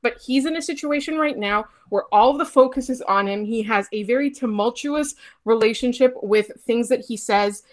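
A woman from Montreal, talking in a casual, opinionated way with lots of fillers and quick restarts. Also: fairly high pitch. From Montreal, Quebec. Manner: animated, many fillers, rapid restarts.

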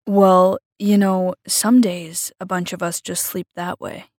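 A woman voicing a shy, earnest teenage boy vampire in a fiction reading, speaking in a hushed, halting, confiding way. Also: fairly low pitch, little pitch movement, dry recording, clean studio sound. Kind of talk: audiobook-style fiction reading.

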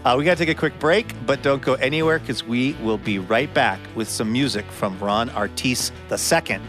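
A man hosting a radio show in a measured, friendly tone. His voice sits at an ordinary pitch, and music plays clearly behind him. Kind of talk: scripted radio hosting with sponsor reads.

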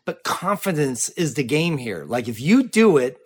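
Man with a slightly high voice, encouraging. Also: sing-song, normal speed, breathy edge. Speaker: co-host. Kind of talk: instructional chat.

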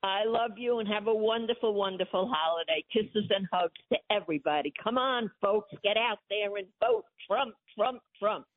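A woman's voice: medium pitch, moderate pace, hardly any pauses. Older New woman on the phone. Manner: emphatic, gushing and pleading. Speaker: host's mother, phone-in guest. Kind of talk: casual phone chat. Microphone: telephone. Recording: tinny phone line.

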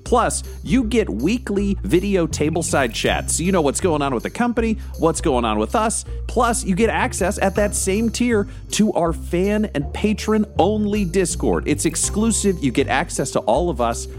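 A man's voice: high voice, very animated, normal speed, hardly any pauses, soft background music. A man hosting a podcast, reading an upbeat promotional message. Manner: upbeat, salesy. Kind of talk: promotional read.

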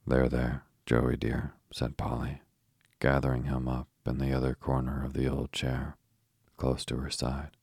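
A man reading a children's story aloud as a bedtime narration, slow, soft and steady, with a husky voice. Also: extremely low pitch, dry recording, studio quality.

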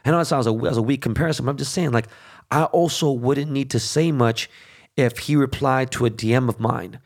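A man's voice: mid-range voice, a little fast, creaky. Profane, ranting man host. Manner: profane, heated ranting with many fillers and restarts. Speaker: show host. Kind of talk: casual monologue.

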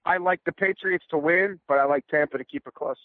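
A fast-talking man chatting football on a sports podcast, teasing his co-hosts and quick to jump in. His voice sits a little high and comes through a tinny, phone-like line that sounds dry and close. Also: no room sound. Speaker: football analyst. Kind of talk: casual sports podcast banter.

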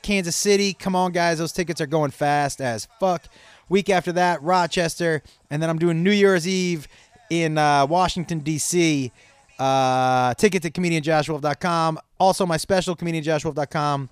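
A man's voice: a little high, smooth, no echo. A man hosting his own podcast as a comedian, in a casual, profane, rambling way with laughing asides. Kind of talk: casual solo podcast chat.

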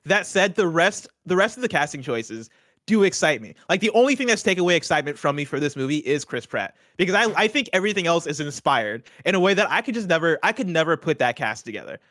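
A young man co-hosting a casual talk show, eager and excitable, asking quick questions. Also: on the high side, dry recording, clean studio sound. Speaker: podcast co-host. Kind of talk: casual chat.

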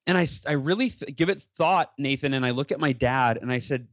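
A man telling a personal story as a podcast guest, earnest and animated, with many fillers and restarts. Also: medium pitch, brisk, no room sound.

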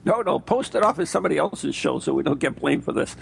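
A man's voice: on the high side, animated, quick pace, gravelly, slightly rough. A man from the United States, co-hosting a podcast in casual, jokey banter, often repeating words as he goes. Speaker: podcast co-host.

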